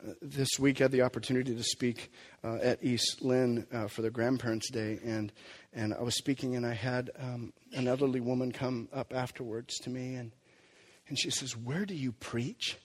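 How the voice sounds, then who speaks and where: A man preaching a sermon as pastor, emphatic and animated, sometimes dropping to a quiet, low delivery. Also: normal speed. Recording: long hall reverb.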